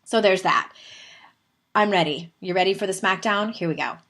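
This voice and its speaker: A woman in her thirties with a Southern California accent, hosting a podcast and telling a story in a chatty, animated way with laughing asides. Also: medium pitch, moderate pace. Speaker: podcast host. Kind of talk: casual storytelling monologue.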